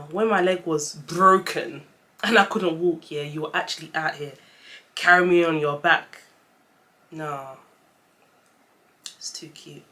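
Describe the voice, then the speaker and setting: A young woman vlogger shares a personal story in a casual vlog, chatty and emotional, at times fighting back tears. Her voice is fairly low in pitch and a bit bright.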